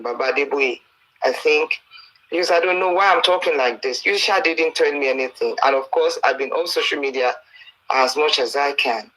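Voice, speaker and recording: Earnest Nigerian male preacher, bright and pleading, recorded as a dull lo-fi voice note. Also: on the high side. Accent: Nigerian, Yoruba-speaking. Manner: earnest, pleading, preachy, with Bible quotes and stories. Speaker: preacher addressing a campaigner. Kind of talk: exhortation mixing English and Yoruba.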